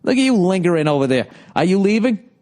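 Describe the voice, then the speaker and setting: A man's voice: high voice, sing-song, fast talker, a little mellow, no echo, clean studio sound. A man with a Boston accent hosting a podcast, riffing sardonically and profanely on listener letters. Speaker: podcast host. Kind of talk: casual comedic monologue.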